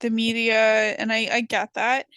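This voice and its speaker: Young woman co-host, plain-spoken and blunt, a touch higher voice, dry mic. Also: level tone, moderate pace, bright, forceful tone, no room sound. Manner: blunt, swears casually. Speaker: podcast co-host. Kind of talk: casual chat.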